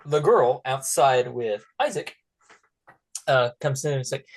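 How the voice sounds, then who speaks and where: A man's voice: medium pitch, animated, a little slow. A man narrating as dungeon master in a casual way, with fillers and laughs. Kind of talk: narrating a tabletop game.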